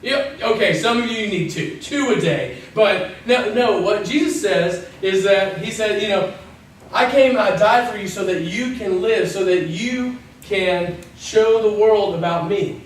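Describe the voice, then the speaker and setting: A man's voice: high voice, a little slow. A man giving a casual, jokey sermon, acting out the people in his stories. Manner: chatty and jokey, acts out voices in stories. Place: church. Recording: distant mic in an echoey church hall with faint noise.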